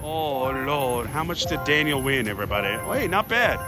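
On a casino floor with slot machine music behind him, a fairly high-pitched man vlogs his slot play. He is animated and jokey, cheering and shouting at the reels with fast swings of excitement.

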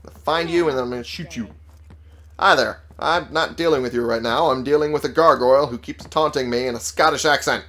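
A man's voice: mid-range voice, quick pace, fairly bright tone. A man giving casual gameplay commentary, sarcastic and profane, talking back to the game's characters. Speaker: let's play gamer.

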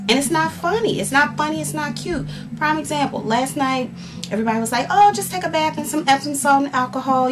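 A sore, frustrated woman vlogging at home, talking candidly and animatedly in a casual rant to the camera, full of fillers and restarts. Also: high-pitched. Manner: animated, exasperated, candid with fillers and self-interruptions. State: sore and frustrated after a workout. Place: at home, indoors.

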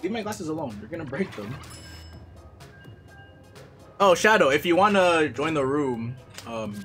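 Excitable high-voiced male game streamer. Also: a little slow, music in the background. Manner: excitable, yells and trash-talks at opponents. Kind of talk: live gameplay commentary.

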